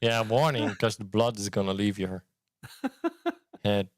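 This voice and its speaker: A man's voice: lowish voice, steady tone, measured pace, no room sound. A man co-hosting a live chat show, chiming in with short dry quips in a laid-back way. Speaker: co-host. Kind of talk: casual chat.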